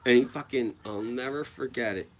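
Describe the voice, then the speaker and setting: A man's voice: medium pitch, normal speed, slight background noise. A man in his thirties hosting a casual livestream, telling a story in a rambling way with many restarts and frequent swearing. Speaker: livestream host.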